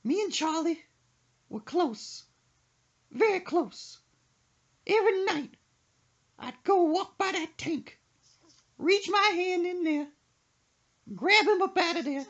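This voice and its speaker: Woman doing a high wailing mourner lady, sobbing over her fish, dull lo-fi sound. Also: animated, takes it slowly, long pauses, heavily acted. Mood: tearful eulogy.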